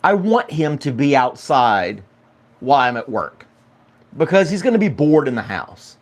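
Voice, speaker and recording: A man's voice: medium pitch, sing-song, normal speed. A man hosting a casual morning livestream, chatty and rambling, greeting viewers by name and laughing often. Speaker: podcast host.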